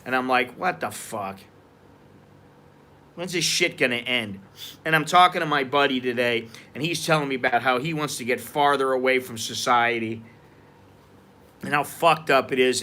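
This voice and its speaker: A man's voice: medium pitch, pushed and bright. A man from the United States telling a story and ranting on a live stream, heated and profane. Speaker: vlogger. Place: outdoors at a market.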